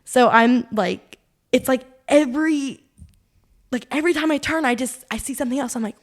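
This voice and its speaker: This young adult woman, a co-host on a relaxed faith podcast, tells her personal testimony in an earnest, meandering style packed with "like." Her voice sits high at a normal speed, and she often laughs and quotes her inner thoughts out loud.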